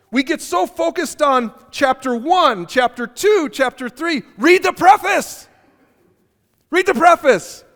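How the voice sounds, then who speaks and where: A man with a high voice preaches a conversational sermon, moving between teaching and funny stories. He repeats his key phrases for emphasis. The sound carries a long reverb from a large church hall. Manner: animated storytelling with humor, repeats key phrases. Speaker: pastor. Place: church auditorium.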